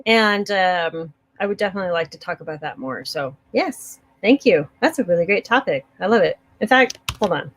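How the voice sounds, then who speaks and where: A woman's voice: lowish voice, animated, moderate pace, few pauses. Chatty, giggly woman host. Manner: chatty and upbeat, giggles often. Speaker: host of a preparedness channel. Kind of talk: casual live chat answering viewer comments.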